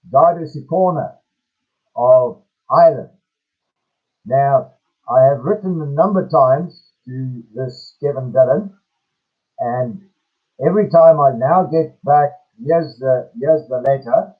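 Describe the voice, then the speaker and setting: A middle-aged South African man making an impassioned personal statement, slow and emphatic, repeating phrases for stress. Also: mid-range voice, husky. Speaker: person airing a grievance to camera. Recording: phone-like lo-fi audio.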